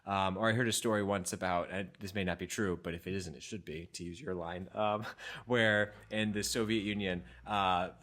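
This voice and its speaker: A man co-hosts a talk podcast with a deep, low-pitched voice. His delivery is casual and lively, and he often laughs as he works through a story. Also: normal speed. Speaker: podcast co-host. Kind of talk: casual conversational chat.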